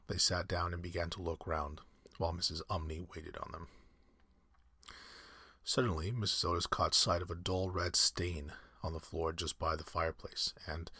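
A man reading a classic story aloud in measured, scripted narration. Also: deep voice, sharp tone, breathy edge, dry recording, clean studio sound.

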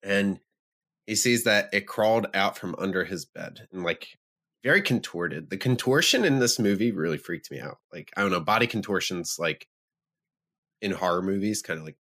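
A man co-hosting a podcast who recaps a horror film's plot with animated, laughing energy. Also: low-pitched, moderate pace. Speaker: podcast co-host. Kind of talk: casual chat recapping a film.

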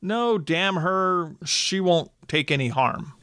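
A surly drunken farmer who curses at everyone, as a male storyteller puts him on, pushed well above his usual pitch. The voice is strained and raised in tone while he reads the story aloud. The recording is dry and close. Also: lively intonation, slow, a bit bright, no echo, exaggerated voice. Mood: gruff. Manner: gruff, cursing.

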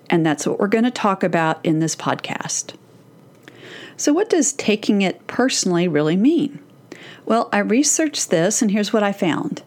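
A middle-aged woman talks through a solo podcast episode in a medium-pitched voice. She speaks straight to her listeners, in a direct and encouraging way, like a host guiding mothers. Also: sing-song, normal speed, a little mellow.

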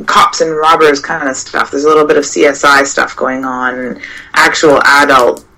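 Over a remote call mic that feeds back, a woman who writes horror talks about her writing in a casual, meandering, hesitant way. She speaks low and flat at a moderate pace, her tone pushed and bright, and the recording quality is poor.

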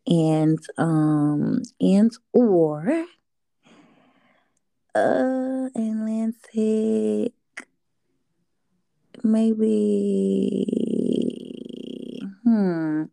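A woman's voice: medium pitch, drawn-out words, creaky, long pauses, mellow, no echo. A young woman being interviewed as an artist, chatting in a casual, easygoing way and laughing now and then. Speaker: guest artist.

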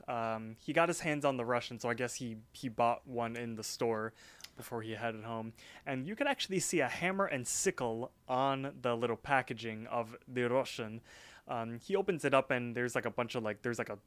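A man's voice: mid-range voice, moderate pace, fairly bright tone, no echo. A man co-hosting a podcast, retelling an episode in rambling casual chat with lots of fillers. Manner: rambling, filler-heavy narration. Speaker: podcast co-host.

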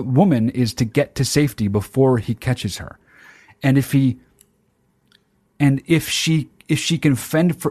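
A man talks straight to his viewers in a loose, profane monologue, breaking into sudden loud outbursts as he gets worked up. His voice sits at an ordinary middle pitch. The recording is dry, with no room sound. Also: no room sound. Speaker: channel host.

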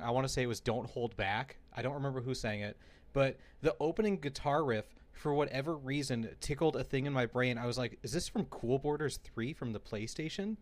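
A man hosting a casual podcast chat, telling stories in an animated way and laughing often. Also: medium pitch. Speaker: podcast host.

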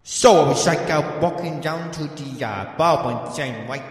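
A man's voice: on the high side, unhurried. A man telling a rambling, crude comic story, full of fillers like "uh" and "you know". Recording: echoey room with long reverb.

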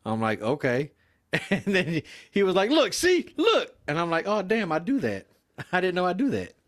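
A man's voice: fairly high pitch, big pitch swings, moderate pace, a bit bright. A man co-hosting a casual podcast chat, telling stories with a laugh and repeating phrases.

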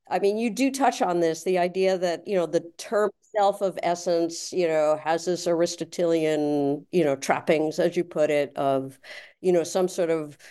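A woman interviewer with a smooth, resonant voice pitched a little low. She asks long, winding questions and fills them with hedging filler words. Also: mellow. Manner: rambling, many fillers. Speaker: podcast host.

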